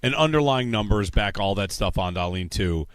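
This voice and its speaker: A man's voice: on the low side, lively intonation, normal speed, clean tone, no echo. A man hosting a sports talk radio show, chatting in a rambling, conversational way and reading show promos from a radio studio.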